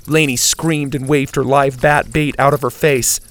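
A man narrating a children's adventure story in an expressive read-aloud manner. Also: medium pitch, normal speed.

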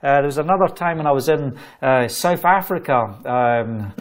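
A man's voice: mid-range voice, normal speed. Scottish man telling a testimony. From Scotland. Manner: animated, laughs between phrases, fillers. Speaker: travelling preacher. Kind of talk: testimony storytelling.

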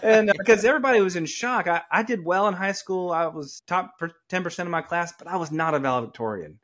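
A middle-aged man from Atlanta with a Southern accent, speaking as a guest on a podcast. His voice sits a bit higher than most men's. He tells stories in a lively way and acts out the people he quotes. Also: fast talker. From Atlanta, Georgia, US. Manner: animated storyteller who acts out quoted people. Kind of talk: conversational storytelling.

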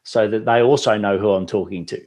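A man's voice: lowish voice, fairly quick, darkish tone. A man with an Australian accent hosting a podcast in a chatty, enthusiastic way. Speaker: podcast host.

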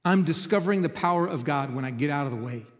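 A male pastor with a high voice preaches to his congregation, telling a personal story. He moves between loud, urgent stretches and hushed, quiet ones. His voice carries a long reverb from the large church hall. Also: animated, fast talker. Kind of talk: sermon.

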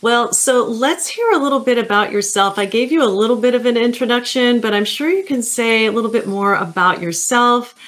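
A woman's voice: on the high side, brisk, few pauses, fairly bright tone. A woman hosting a podcast as a counselor, chatty and friendly as she interviews a guest.

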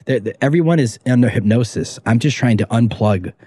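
A man's voice: mid-range voice, animated, fairly quick, warm tone, husky, no echo. Emphatic, swearing man, dry sound. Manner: emphatic, rambling, swears freely. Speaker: documentary filmmaker guest. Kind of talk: casual podcast interview.

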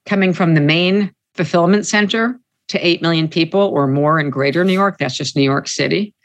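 A woman union organizer answering interview questions in an emphatic way, often repeating her key points. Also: on the low side.

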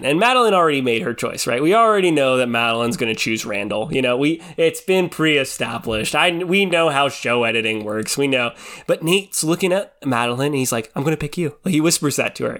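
A man's voice: a little high, fairly bright tone. A young man recapping a reality TV show in casual chat. He rambles, leans heavily on filler words like "like" and "you know", and laughs often as he talks. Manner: laughs often while talking.

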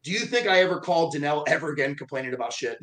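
A man's voice: a little high, very fast, over a noisy crowd, low-quality recording. A man talking as a podcast guest, blunt and profane, telling stories with a lot of energy. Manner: blunt, profane, animated storytelling. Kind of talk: casual podcast chat.

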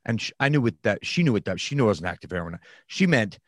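A man's voice: lowish voice, sing-song, fast, dry recording, clean studio sound. A man frankly recounting a personal story in conversation. He talks reflectively and often restarts his sentences.

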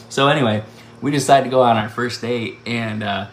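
A man telling an animated personal story and laughing often as he goes. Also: mid-range voice, measured pace. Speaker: speaker sharing a personal testimony. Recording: echoey room with faint background noise.

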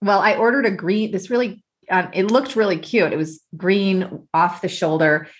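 A woman's voice: medium pitch, normal speed. A middle-aged woman hosting an interview, chatting casually and laughing along with her guest. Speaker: podcast host.

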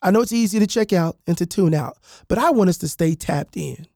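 A man hosting a podcast, telling personal stories in a loose, animated way with lots of fillers and restarts, speaking close to the mic. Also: high-pitched, brisk, creaky, no room sound. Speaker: podcast host and author. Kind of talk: casual storytelling monologue.

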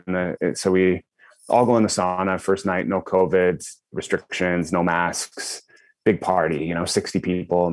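A man's voice: low-pitched, no room sound. A man in his thirties, a podcast guest, talking casually with lots of fillers and restarts. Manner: animated, many fillers and restarts. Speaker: podcast guest, breathwork company co-founder. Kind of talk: casual storytelling.

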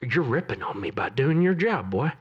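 Animated man, slightly high voice. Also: normal speed, breathy edge, muffled recording. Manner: animated storyteller, acts out quotes. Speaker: podcast co-host; dialect coach. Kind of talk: casual chat.

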